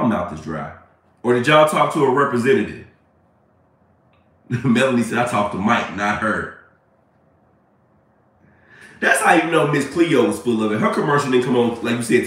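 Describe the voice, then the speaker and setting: A man's voice: mid-range voice, normal speed, long pauses, recorded from a distance. Chatty man hosting an echoey live stream. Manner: chatty, laughing, animated. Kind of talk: casual live-stream chat. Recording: echoey room, away from mic.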